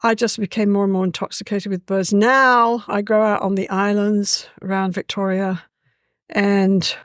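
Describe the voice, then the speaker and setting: Woman, lively storyteller, dry sound. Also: medium pitch, moderate pace, clean tone, no room sound. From England. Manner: lively, warm-hearted, with a frequent "you know". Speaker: guest. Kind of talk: casual conversational storytelling.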